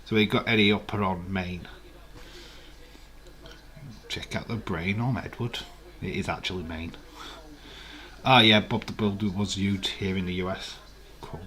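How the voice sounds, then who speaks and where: A man's voice: low-pitched, steady tone, a little slow, pauses often, bright, forceful tone. An English man hosting a live stream, chatting casually and rambling as he reads out viewers' comments and chuckles along. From England.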